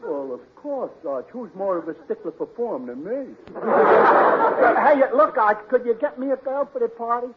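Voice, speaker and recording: A brash dim barfly. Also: male voice, extremely high pitch, expressive, normal speed. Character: dim-witted wisecracking male barfly. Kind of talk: 1940s radio comedy acting. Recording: tinny, noisy old radio recording.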